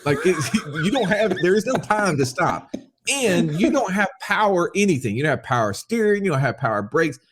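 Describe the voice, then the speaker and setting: A man telling a wild story as a podcast guest, excitable and quick to laugh, quoting people as he goes. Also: high voice, a little hiss or hum. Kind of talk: animated storytelling.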